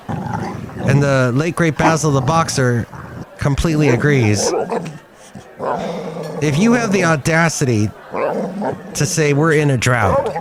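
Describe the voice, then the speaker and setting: A man hosting a podcast from a cafe, talking in a chatty, joking, rambling way, his voice a little rough after covid. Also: mid-range voice. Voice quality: rough, smoker-like after illness. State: recovering from covid, slightly rough voice. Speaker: podcast host. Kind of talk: casual podcast chat.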